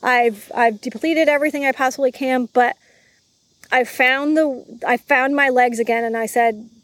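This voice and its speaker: A woman's voice: high-pitched, fairly even intonation, normal speed, fairly bright tone, dry recording. A woman telling a personal story in a casual interview. She acts out the voices of people she quotes. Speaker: guest.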